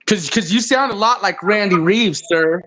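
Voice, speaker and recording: A man's voice: high voice, moderate pace, fairly bright tone, no room sound. A man on a live panel, hurling profane insults in a heated argument.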